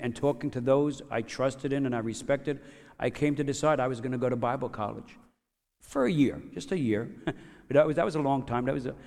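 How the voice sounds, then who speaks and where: A man tells his own story in a loose, rambling way, stumbling over words and restarting as he goes. His voice sits at an ordinary pitch for a man. The sound carries a long reverb tail. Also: darkish tone. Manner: chuckles often while telling. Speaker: speaker giving a personal testimony. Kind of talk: casual storytelling testimony.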